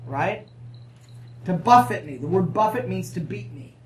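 In a church sanctuary, a preacher with an animated, mid-range voice delivers a conversational sermon a bit slowly, asking the congregation for amens and tossing in humorous asides. The recording is roomy, with a distant mic, faint ambience, and a little hiss or hum.

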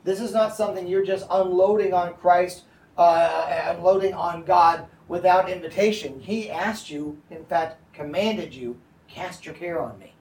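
Brief: male pastor, high voice, conversational Bible teaching, echoey room mic at a distance. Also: fairly even intonation, measured pace, darkish tone. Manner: conversational, checks in with the audience.

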